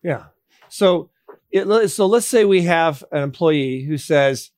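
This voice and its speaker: A man hosting a legal interview, speaking deliberately, with frequent fillers and repeated words. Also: on the high side, lively intonation, a little mellow, dry recording. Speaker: host. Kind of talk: interview questions and commentary.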